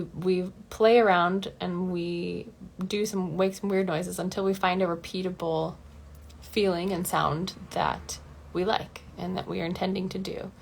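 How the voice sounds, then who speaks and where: A woman's voice: on the low side, vocal fry. A woman vocal coach talking casually and candidly in a livestream lesson, laughing often and acting out the voices in her head.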